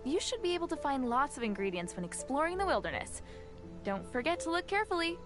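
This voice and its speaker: A woman's voice: sits high, sing-song, fast talker. A woman voicing a friendly, helpful female survival expert in a video game, giving upbeat advice. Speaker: game character. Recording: loud game music underneath. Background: game music.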